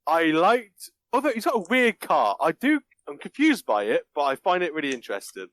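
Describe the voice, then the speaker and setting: A man's voice: on the high side, big pitch swings, brisk, fairly bright tone. A man chatting casually on a podcast, laughing often and acting out movie lines in mock voices. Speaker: podcast guest reviewing a film. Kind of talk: casual chat.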